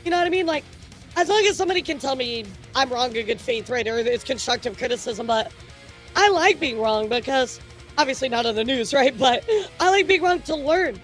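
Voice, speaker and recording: A woman's voice: high voice, expressive, brisk, soft background music. A woman hosting a live stream, talking casually to her chat, chatty and repetitive with frequent laughs. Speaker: streamer news host.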